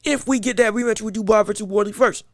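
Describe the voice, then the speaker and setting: A man hosting a casual boxing podcast. He talks in an animated way, laughs a lot and often repeats his words. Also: high voice, fast talker, no room sound, clean studio sound. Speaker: podcast host.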